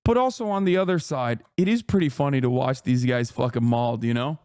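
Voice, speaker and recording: A man streamer giving casual reaction commentary in an animated, profane, mocking rant. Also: medium pitch, fairly quick, smooth, no room sound.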